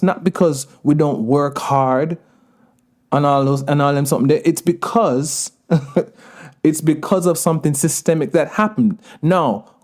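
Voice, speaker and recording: A man's voice: a little high, a little mellow. A man with a light Jamaican accent, speaking as a podcast guest in a casual, earnest, emphatic conversation with frequent laughs. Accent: Jamaican-tinged. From United States.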